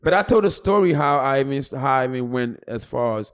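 A middle-aged comedian from Ghana, hosting a casual podcast chat and telling animated stories. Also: male voice, mid-range voice, a little fast, clear, resonant tone. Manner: animated storyteller, loud when joking.

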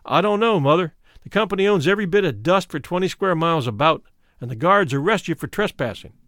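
A man's voice: fairly high pitch, expressive, fast, fairly bright tone, no room sound, clean studio sound. A man voicing an earnest young union man who explains his worries urgently, in a memoir reading.

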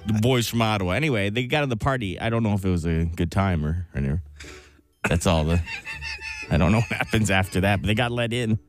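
A man co-hosting morning radio, low-pitched and very lively in his delivery. He rambles through stories in casual banter and chuckles at his own jokes, with faint music underneath. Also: brisk. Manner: rambling joke-teller, laughs at own jokes. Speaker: radio co-host.

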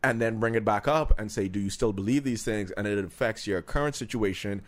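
A man's voice: lowish voice, brisk. Man co-hosting a podcast, talkative. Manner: discursive, builds arguments with hypotheticals. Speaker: podcast co-host. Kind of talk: casual podcast chat.

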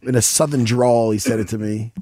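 A man's voice: mid-range voice, steady tone, brisk, mellow, no echo, clean studio sound. A man, a professional fighter, chatting as a guest, swearing freely, laughing often and rambling. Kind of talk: casual profane chat.

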